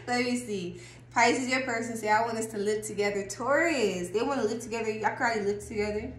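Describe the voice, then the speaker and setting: The tarot reader's voice is a little high and brisk as she chats loosely with her viewers during a casual reading. She swears and laughs freely, in an echoey room with faint background noise.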